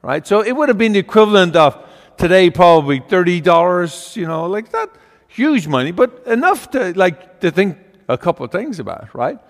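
An older man telling a folksy story as part of a homily. His voice sits fairly high, and he talks with asides and fillers. A long reverb rings through the large space. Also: sing-song, normal speed. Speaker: preacher.

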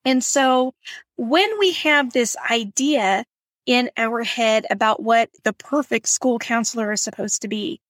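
A woman's voice: a little high, measured pace, fairly bright tone, no room sound. A middle-aged woman from Texas with a Texan accent, hosting a podcast and telling a story in a friendly, chatty way. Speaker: podcast host. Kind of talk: casual podcast monologue.

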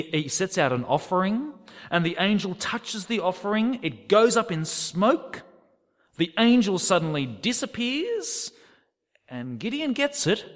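Animated preacher in a reverberant hall. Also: male voice, on the high side. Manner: expressive, dramatic reading of scripture quotes. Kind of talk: sermon.

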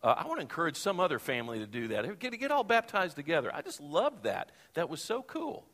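A man preaching a sermon from the pulpit, expressive, acting out the Bible quotes he tells. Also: on the high side, quick pace. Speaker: pastor. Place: church sanctuary. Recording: long reverb of a church hall.

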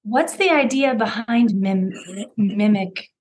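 A woman's voice: on the high side, lively intonation, slow, darkish tone. A woman hosting a podcast, asking eager, curious questions in casual talk. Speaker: podcast host. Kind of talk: casual interview.

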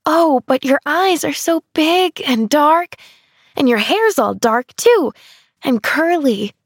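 A woman pitches her voice high, above her natural range, to play a cheerful, eager little girl in a storybook reading. She gushes breathlessly and exclaims with lively intonation, though her pace is a little slow. The studio-quality recording has no room sound.

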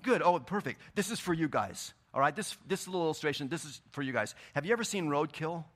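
A man preaching a sermon in a church, swinging between loud, emphatic bursts and quieter scripture reading. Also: fairly high pitch, expressive, fast. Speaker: pastor. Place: church sanctuary.

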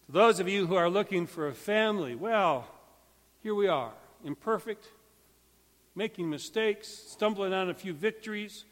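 A man preaching a sermon as pastor, emphatic and swinging between loud calls and hushed, quiet stretches. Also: high voice, expressive, normal speed. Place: church sanctuary. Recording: long church hall reverb.

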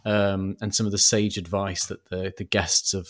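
A man's voice: low voice, level tone, moderate pace. A man co-hosting a podcast, explaining the episode in a loose, rambling way. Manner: rambling, lots of fillers. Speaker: podcast co-host. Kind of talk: casual podcast chat.

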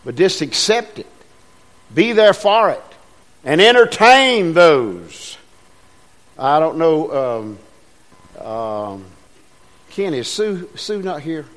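A man's voice: fairly high pitch, very animated, slow pace, long pauses. A man preaching a sermon as pastor, folksy and rousing, calling out to the congregation. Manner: folksy, call-and-response preaching with rising bursts.

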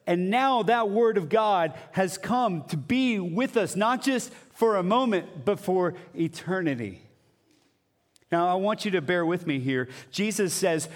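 Male pastor, conversational sermon delivery with quiet drops, light and high-ish voice, long reverb of a church hall. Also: expressive, unhurried.

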